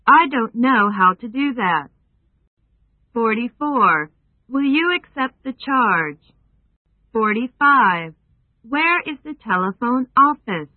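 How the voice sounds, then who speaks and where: A woman reading a numbered list of phrases for learners in slow, careful, even delivery. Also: a little high, no room sound. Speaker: English phrase reader. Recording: tinny phone-like sound.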